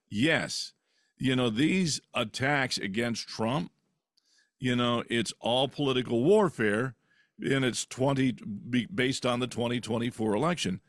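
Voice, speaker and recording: A man hosting a political talk show, forceful, with a lot of "you know" between points. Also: medium pitch, no echo, clean studio sound.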